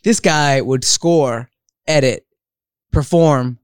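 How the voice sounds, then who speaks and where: Sarcastic man with a smooth voice. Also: medium pitch, takes it slowly, no echo, clean studio sound. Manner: teasing, sarcastic, deadpan roasts. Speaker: podcast guest. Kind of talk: casual podcast banter.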